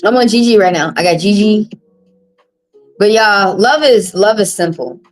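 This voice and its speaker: A woman's voice: mid-range voice, lively intonation, moderate pace, faint music behind, rough recording. A woman hosting a tarot live stream, talking bluntly and profanely in a casual monologue and repeating phrases for emphasis.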